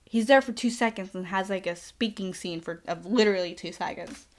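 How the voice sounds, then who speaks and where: A woman's voice: medium pitch, a little fast. A young woman casually recapping a movie plot in a chatty, sarcastic way, filling her talk with "like". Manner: sarcastic, chatty, says like a lot. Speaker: podcast host.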